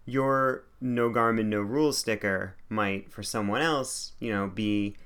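A man's voice: fairly low pitch, steady tone, a little slow, fairly bright tone, clean tone. A man co-hosting a podcast in casual chat, easygoing and supportive, with frequent "like" and "you know" fillers. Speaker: podcast co-host.

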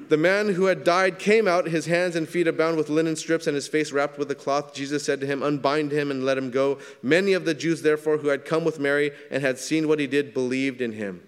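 A man's voice: fairly high pitch, normal speed, clear, resonant tone. Man preaching in an echoing hall. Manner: conversational preaching, rising to loud emphatic scripture readings. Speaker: pastor. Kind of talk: sermon. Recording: long hall reverb.

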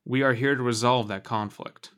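An imposing artificial moderator, as a man reads him, speaking with low-toned, infinite calm. Each sentence comes measured and unhurried, like an official handing down a ruling in a storybook. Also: clear, resonant tone, close to an everyday voice.

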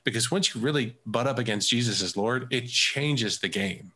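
Bright-sounding guy, faith leader, chatty, does the voices when he tells a story. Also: mid-range voice, moderate pace, husky. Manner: animated storyteller who acts out quoted dialogue. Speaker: faith community leader and residency coach. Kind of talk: casual podcast conversation.

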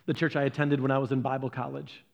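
A man preaching a sermon, telling stories earnestly, swinging from loud stresses to soft, hushed lines. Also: medium pitch, flat delivery, fast, creaky, muffled recording. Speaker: pastor.

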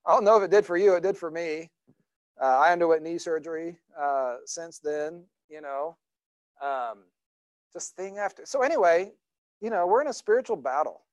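Middle-aged male pastor, fairly high voice, dry close sound, easygoing rambling sermon delivery. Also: normal speed, no room sound. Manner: conversational storytelling with many fillers and restarts.

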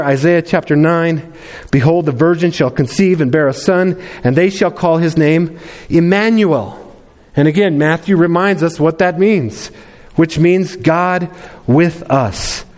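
Pastor, male, high-pitched voice, chatty sermon delivery with frequent restarts. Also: darkish tone. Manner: conversational, with many restarts and repeated words.

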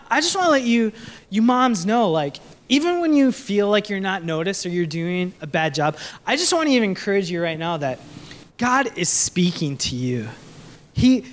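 A young man preaching a sermon in an earnest, conversational way, often restarting his sentences and asking the audience questions. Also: high-pitched. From Sri Lanka. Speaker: pastor.

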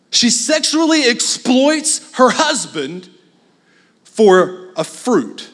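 High-voiced man preaching in a hall. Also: very animated, slow pace, long pauses, fairly bright tone. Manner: casual, blunt, joking asides. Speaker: guest preacher. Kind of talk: sermon. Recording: long hall reverb.

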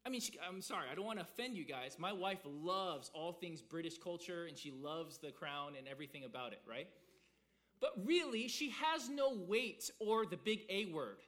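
A young man delivers a sermon. His voice sits high, and he talks animatedly, repeating words and acting out quotes. He swings between loud, emphatic moments and quick, quiet asides. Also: lively intonation. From American South. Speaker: pastor.

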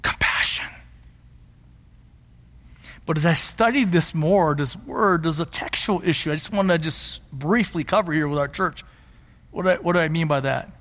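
The speaker is a middle-aged man preaching as a pastor, his earnest teaching swelling into emphatic passion. His somewhat high, slightly bright voice runs at normal speed, echoing with long reverb through the church sanctuary.

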